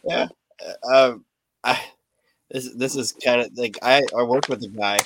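A man's voice: mid-range voice, fairly even intonation, unhurried, noisy background. A man hosting a podcast who chats casually, tells stories bluntly, swears freely and laughs at his own anecdotes. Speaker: podcast host. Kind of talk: casual chat.

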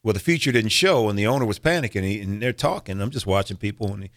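A man's voice: on the low side, fast talker. A middle-aged man, an actor and comedian, telling stories in a casual interview and acting out other people's voices with frequent laughs. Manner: animated storyteller acting out voices, laughs often.

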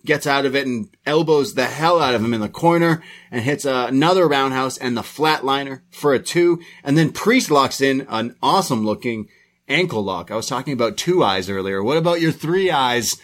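A man's voice: mid-range voice, lively intonation, normal speed, a bit bright. A man co-hosting a podcast, giving a rambling, casual play-by-play recap with frequent restarts. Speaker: podcast co-host reviewing wrestling.

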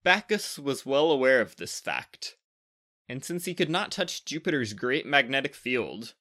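A man reading a storybook tale aloud with lively, expressive narration. His voice is bright and forward, at a middle pitch for a man. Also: a little slow.

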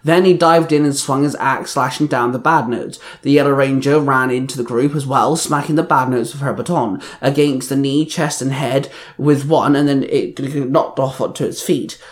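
A man's voice: medium pitch, steady tone, moderate pace, hardly any pauses. A man reading an action story aloud, plainly, with small slips and restarts. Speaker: reader. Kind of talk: reading fan fiction aloud.

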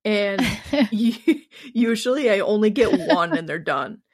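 A woman's voice: mid-range voice, animated, takes it slowly, a little mellow, no room sound. Young woman podcast co-host, mid voice, dry close recording, laughs and swears casually in chat. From Wisconsin.

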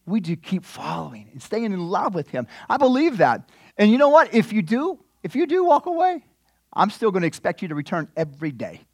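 Brief: male pastor, high voice, dry close sound, lively sermon delivery. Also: fairly quick, dry recording. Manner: animated, repeats words, acts out scripture scenes.

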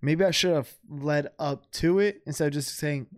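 A young man chatting on a podcast, his voice sitting a bit higher than most men's. He talks loosely and profanely, stacking up "like" and restarts. The sound is dry and close, with no room around it. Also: moderate pace, no echo. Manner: loose, profane, filler-heavy. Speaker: podcast co-host. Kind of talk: casual chat. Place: home.

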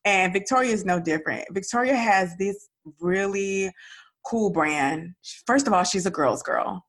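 In an unhurried, medium-pitched voice, a Dallas woman with a Southern accent hosts a laid-back podcast. She keeps things upbeat and talkative, tossing in "y'all" and "girl" again and again.

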